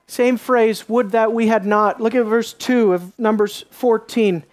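A preacher giving a sermon, reading scripture aloud and asking the congregation questions, dropping into soft low asides and rising into sharp emphasis. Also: steady tone, unhurried. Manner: reads scripture aloud and asks the listeners questions.

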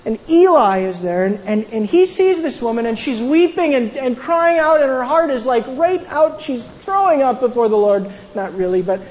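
A woman's voice: sits high, animated, normal speed, hardly any pauses, darkish tone, big-room sound, rough recording. A woman casually retelling a Bible story as a sermon, with conversational asides and frequent restarts. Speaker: Bible teacher.

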